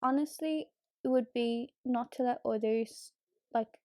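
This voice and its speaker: A woman's voice: on the high side, measured pace, darkish tone, no echo, clean studio sound. A woman chatting casually as a beauty vlogger while doing her makeup, full of fillers and easy swearing. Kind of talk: casual get-ready-with-me chat.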